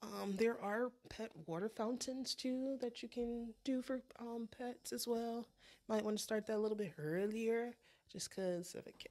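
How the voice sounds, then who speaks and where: A woman's voice: on the high side, fairly even intonation, unhurried, a little mellow. A woman co-hosting a pet podcast in casual chat, rambling with frequent ums and restarts. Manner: chatty, trails off with ums and restarts. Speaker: podcast co-host.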